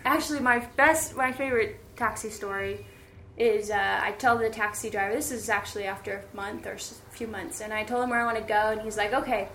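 A woman telling stories as an interview guest, chatty and animated, with many fillers. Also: mid-range voice, a little fast, a little hiss or hum. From United States. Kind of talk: conversational storytelling. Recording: echoey room.

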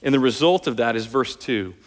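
A man preaches in an earnest sermon voice, pushing harder when he drives a point home. His voice sits at an ordinary middle pitch. A long reverb trails his words, as in a large church sanctuary. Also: fairly quick. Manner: earnest preaching, rising in intensity on key points. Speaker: pastor.

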